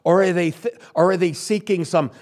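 A man's voice: sits high, steady tone, normal speed, darkish tone. An older male pastor giving a sermon, stressing and repeating key phrases. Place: church sanctuary.

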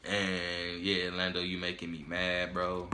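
A man hosting a reaction video, talking casually and trash-talking excitedly, often repeating himself. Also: low-pitched, measured pace, faint music behind. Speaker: YouTube reaction host.

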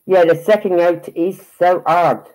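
A man with a slightly high voice hosts a loose, chatty livestream. He rambles, breaks off mid-sentence and picks the thread back up as he fiddles with his screen. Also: fairly even intonation, unhurried, darkish tone, poor audio. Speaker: livestream host. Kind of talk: casual chat about a case.

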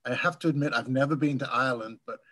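A man from England whose accent has drifted toward American, telling birding stories in a relaxed Q&A over a video call. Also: mid-range voice, fast. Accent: English, softened by years in America. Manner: chatty, anecdotal, laughs while telling stories. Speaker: guest speaker. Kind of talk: casual Q&A chat.

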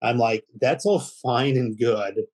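A man's voice: mid-range voice, slow pace, darkish tone, breathy edge, poor audio. A man co-hosting a podcast, chatting casually with a wry manner. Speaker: podcast co-host. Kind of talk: casual chat.

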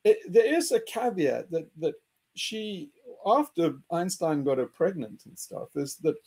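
A man hosting an animated group discussion, excitable and mocking, often laughing and jumping in pitch to act out quotes. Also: measured pace, breathy edge. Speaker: host.

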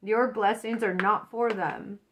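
A woman's voice: medium pitch, steady tone, a little slow, a little hiss or hum. A woman doing a casual tarot reading, swearing a lot, laughing often and getting fired up. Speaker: tarot reader.

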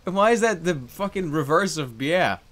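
A man's voice: on the high side, animated, normal speed, fairly bright tone. A man in his thirties streaming a game, joking sarcastically with frustrated outbursts. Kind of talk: let's play commentary.

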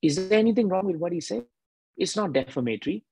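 A man voicing a calm, humble male ascetic teacher in a retold story, speaking with gentle, rising emphasis. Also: sits high, fast, gravelly, slight background noise, voice pushed up. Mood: gently correcting.

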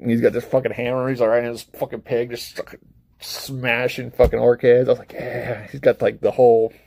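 Warm-voiced man rambling profanely. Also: medium pitch, flat delivery, a little fast, gravelly, no echo. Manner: rambling and profane, with frequent laughs and acted-out asides. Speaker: vlogger reviewing books and films; parent of a young child. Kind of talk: casual unscripted chat to camera.

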